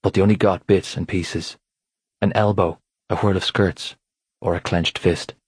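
A male narrator reads a novel in a measured, steady way, his voice very low with a husky grain. The sound is dry and close, with no room around it, as in a studio booth. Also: no room sound. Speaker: audiobook narrator. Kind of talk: scripted narration.

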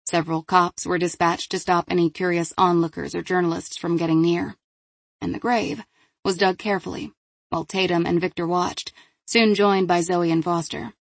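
A woman narrating a crime novel audiobook in a measured, even way. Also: on the low side, creaky, no room sound.

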